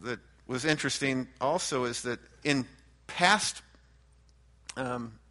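Pastor guy preaching thru the verses, bright punchy voice, earnest, restarts a lot. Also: medium pitch, slow pace. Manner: earnest, animated when quoting, restarts phrases. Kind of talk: expository sermon.

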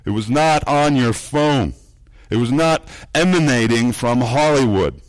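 A man preaching a sermon, earnest, repeating words as he builds points and dropping low and soft for emphasis. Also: animated, a little slow, dry recording. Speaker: pastor.

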